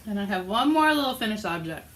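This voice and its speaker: A woman's voice: medium pitch, sing-song, fast, a bit bright. A woman co-hosting a knitting podcast in casual chat, bubbly and jokey. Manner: bubbly, jokey, laughs often. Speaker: podcast co-host. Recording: echoey room with faint ambience.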